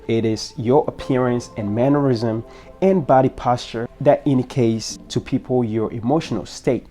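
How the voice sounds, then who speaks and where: A man's voice: medium pitch, dark tone. A man hosting his own channel, giving a motivational talk in an earnest, instructive way that speaks straight to the listener. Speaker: host of a self-improvement channel.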